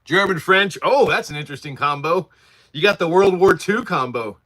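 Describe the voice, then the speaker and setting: A man's voice: sits high, lively intonation, moderate pace, sharp tone. A man in his forties hosting a casual livestream from his workshop, rambling through stories and laughing often while answering chat. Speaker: livestream host.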